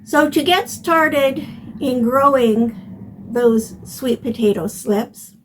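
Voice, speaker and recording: Older woman, gardening host, high voice, slow and plainspoken, instructional. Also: a little hiss or hum. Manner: unhurried, plainspoken explaining.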